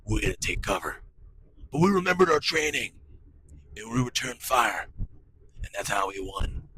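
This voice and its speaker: A man putting on a gruff soldier narrator. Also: on the low side, big pitch swings, normal speed, pushed and bright, slight background noise, pitched below the performer's own voice, rough recording. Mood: grim dramatic. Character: gruff male soldier narrating war story.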